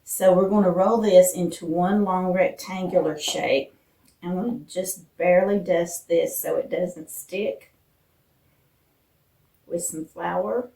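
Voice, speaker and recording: A woman from Appalachia hosting a casual cooking vlog in her home kitchen, chatting homey with fillers, her voice a bit rough from morning. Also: fairly low pitch, fairly even intonation, takes it slowly, mellow. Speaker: vlog host. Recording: roomy echo, distant mic.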